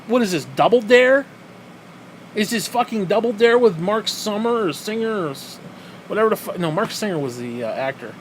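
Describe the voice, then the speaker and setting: A man with a slightly high voice rants alone into the mic, swearing constantly and firing off incredulous rhetorical questions. He veers between loud disbelief and muttered asides. A faint hum sits under the recording. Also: animated, normal speed. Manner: profane, exasperated ranting with mocking rhetorical questions. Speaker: podcast host. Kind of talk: solo ranting podcast monologue.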